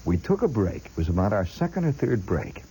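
A man's voice: lowish voice, sing-song, fairly quick, dark tone, a little hiss or hum, low-quality recording. A man telling a long personal story as a chatty monologue, talking straight to the listener and mimicking sounds along the way. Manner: chatty, addresses the listener directly; imitates sounds with his voice.

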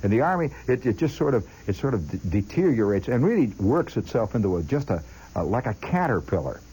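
A man with a mid-range voice tells a long personal story in a chatty monologue, speaking briskly with big pitch swings. His tone is mellow and slightly rough, and the recording is rough too. He addresses the listener directly and imitates sounds with his voice as he goes.

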